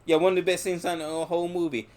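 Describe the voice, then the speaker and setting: A man's voice: on the high side, little pitch movement, fast. A man hosting a casual movie review podcast, retelling scenes loosely and swearing freely. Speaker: podcast host.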